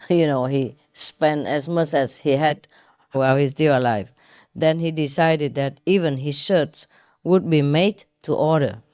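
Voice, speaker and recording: A woman telling jokes in a casual way. She laughs often at her own jokes, explains the punchlines, and pauses with hesitant fillers. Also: low voice, darkish tone, no room sound, clean studio sound.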